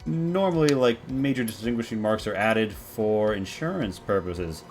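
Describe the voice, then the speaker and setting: A man voicing a flustered young female ship doctor who stammers nervously, pitched above his own voice. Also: expressive, moderate pace, faint music behind.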